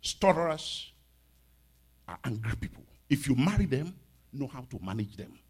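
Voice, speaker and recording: Husky, animated preacher. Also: male voice, mid-range voice, moderate pace. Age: 50s. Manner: animated preaching with sudden shouts and soft asides, laughs often. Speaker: pastor. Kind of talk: sermon.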